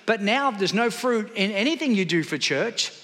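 A man's voice: sits high, lively intonation, normal speed, bright, forceful tone. A man preaching a sermon in church, calling out to the congregation for responses. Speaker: pastor. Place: church hall. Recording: long hall reverb.

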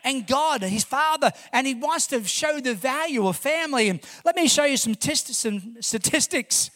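A man's voice: extremely high pitch, expressive, moderate pace, a bit bright. A male pastor preaching a sermon to his congregation in church, emphatic and fervent, often tossing rhetorical questions to the room.

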